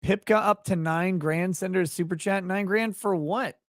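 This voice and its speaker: A man hosting a casual live stream, talking in a rambling, halting way with wry asides. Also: high voice, no echo, clean studio sound. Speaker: livestream host and lawyer. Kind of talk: casual livestream chat.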